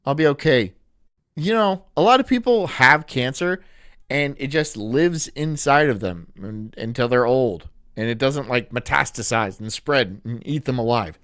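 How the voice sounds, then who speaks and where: A man's voice: mid-range voice, lively intonation, measured pace, fairly bright tone, no echo, studio quality. A man streaming and reacting casually, rambling in a sarcastic way and laughing often.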